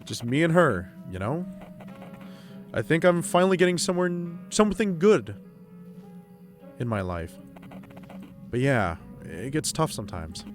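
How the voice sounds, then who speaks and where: A man's voice: on the high side, sing-song, unhurried, pauses often, faint music behind. A man streaming a game, reading his character's lines aloud and joking between them.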